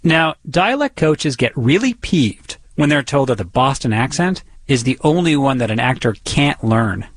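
Radio reporter guy, lively up-and-down delivery, bit husky. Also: mid-range voice, moderate pace, no room sound. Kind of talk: radio feature narration and interviewing.

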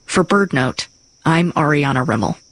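A woman reading a scripted radio segment in a clear, measured way. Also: low-pitched, expressive, heavy background noise. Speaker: radio narrator. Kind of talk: scripted narration.

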